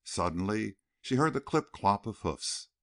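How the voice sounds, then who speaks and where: A man narrating a western novel as an audiobook, reading in an expressive, dramatic way. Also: lowish voice, a little slow. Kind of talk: scripted narration.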